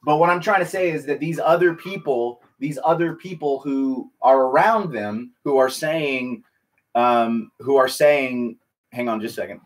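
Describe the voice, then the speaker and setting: A man's voice: mid-range voice, unhurried. A man, a military veteran, talking earnestly and emotionally to viewers on a casual live stream, rambling and restarting his sentences. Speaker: veteran livestreamer.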